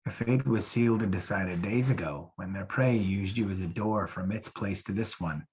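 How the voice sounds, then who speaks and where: A man's voice: low voice, moderate pace, a little mellow, breathy edge. A man voicing a menacing dead opal miner with a South African accent, cold and coaxing in an online play reading. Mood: coaxing menace.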